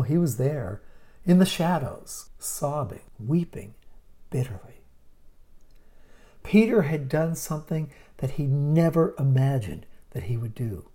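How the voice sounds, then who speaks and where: A man with a mellow, rounded voice retells a Bible story for a podcast. He tells it dramatically, pushing certain lines out loudly and then dropping to hushed asides. His pitch sits in an ordinary middle range. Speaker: Bible teacher.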